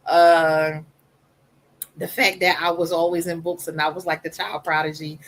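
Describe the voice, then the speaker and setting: A woman with a soft voice, a podcast guest talking candidly and personally in casual conversation. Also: on the low side, flat delivery, moderate pace, poor audio.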